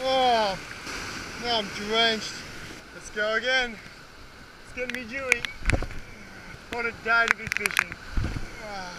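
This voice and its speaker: An Australian man talking to viewers while fishing off an ocean rock wall, exclaiming excitedly as fish bite and chatting casually between casts. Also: very high voice, slow pace, pauses often. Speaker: fishing vlogger. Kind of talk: outdoor fishing vlog commentary. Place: outdoors on a rock wall by the sea. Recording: loud wind and surf noise outdoors.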